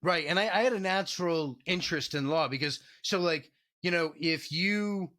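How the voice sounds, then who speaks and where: Guy on a podcast rambling through stories, bright sharp voice, swears a lot, lots of likes and ums. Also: fairly high pitch, moderate pace. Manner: profane, loose, filler-heavy talk. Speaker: podcast guest. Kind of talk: casual storytelling in an interview.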